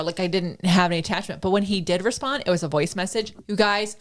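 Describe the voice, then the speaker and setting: A woman hosting a podcast chat, telling stories with gushing excitement. Her voice sits at an ordinary middle pitch, and she acts out her own past reactions as she talks. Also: fast, few pauses. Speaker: podcast host.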